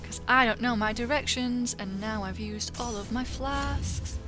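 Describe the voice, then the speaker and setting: Over background music, a woman with a fairly high voice plays a video game at an unhurried pace, chatting casually in a self-mocking way and occasionally swearing at the game. She's a gaming video host doing laid-back let's play commentary.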